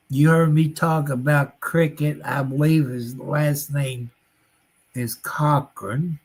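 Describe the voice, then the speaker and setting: Very slow-talking man. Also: fairly high pitch. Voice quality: folksy, drawn-out delivery with frequent chuckles. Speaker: livestream host. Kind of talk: casual livestream chat.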